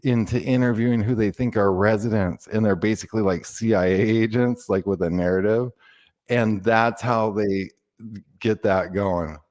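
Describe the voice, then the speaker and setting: Earnest low-voiced man explaining. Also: fairly even intonation, normal speed, a little mellow. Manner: earnest, explains at length with restarts. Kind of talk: casual podcast chat.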